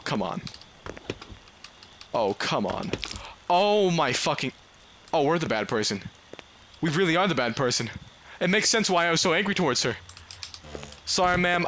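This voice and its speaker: A man narrates his game playthrough in a loose, chatty way, swinging his pitch around a lot. He yelps at the scares and talks to the characters on screen. There is a noisy hiss behind him, with some clicks. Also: moderate pace, pauses often. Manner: excitable, yelps and shouts at scares. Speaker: gaming video creator. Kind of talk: let's play commentary.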